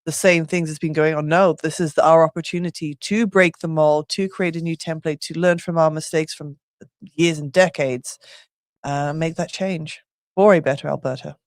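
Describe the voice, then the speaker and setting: A British woman co-hosting a casual talk show, agreeable and laughing, quick to argue over her own word choices. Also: low-pitched, fairly even intonation, dry recording, studio quality. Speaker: co-host. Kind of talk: casual chat.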